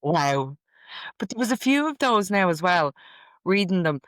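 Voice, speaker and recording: A woman's voice: fairly low pitch, sing-song, measured pace, fairly bright tone, no echo, studio quality. A middle-aged woman hosting a casual podcast, reading out quotes from a list in a chatty, amused way. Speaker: podcast host.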